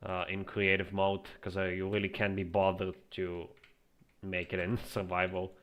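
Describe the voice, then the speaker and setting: A man with a fairly low voice talks through his gameplay at his computer, relaxed and musing aloud. He often restarts his sentences as he thinks. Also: moderate pace. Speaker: streamer. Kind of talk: casual gameplay commentary.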